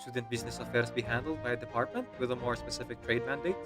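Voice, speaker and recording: A man's voice: medium pitch, steady tone, fast, over loud music, close to an everyday voice. A man voicing an exasperated young male office clerk with a put-on French accent, reading game dialogue aloud. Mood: put-upon.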